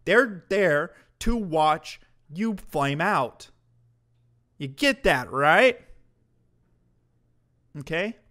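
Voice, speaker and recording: A man's voice: a little high, expressive, very slow, long pauses, bright, forceful tone. A man streaming commentary to his chat, ranting in a heated, mocking way with heavy swearing.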